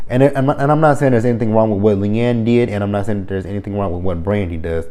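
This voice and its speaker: Give me a man recapping reality TV in a loose, unscripted way. His voice sits a little low and sounds dark and mellow, and he swears bluntly between filler words. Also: quick pace, hardly any pauses. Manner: blunt, heavily profane, full of fillers. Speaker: reality TV reviewer. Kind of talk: casual opinionated commentary. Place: lives near the area the show covers.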